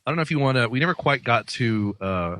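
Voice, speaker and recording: A man's voice: medium pitch, lively intonation, fast talker, fairly bright tone, no echo. A man hosting a radio talk show, upbeat and chatty in casual studio talk. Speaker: host.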